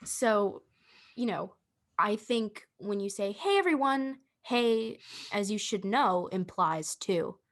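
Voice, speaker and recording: Young female co-host, deadpan teasing, natural mid voice, casual chat. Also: medium pitch, slow. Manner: dry, teasing, advising. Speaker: podcast co-host.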